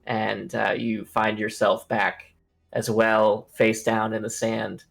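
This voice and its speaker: A man narrates a tabletop adventure as game master. His voice is gravelly and his delivery slow and halting, full of filler words. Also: fairly low pitch, completely flat delivery, a bit bright, soft background music. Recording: live stream mic.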